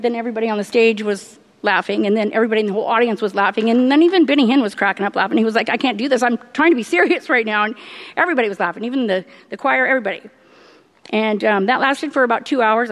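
A middle-aged woman giving a personal faith testimony, earnest and halting, laughing often as she tells it. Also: a little high, big-room sound. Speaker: church member giving testimony.

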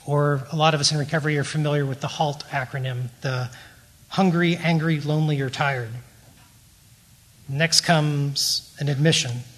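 A middle-aged man giving a prepared teaching talk at a faith-based recovery meeting, in a measured and earnest way. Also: a little high, a bit bright.

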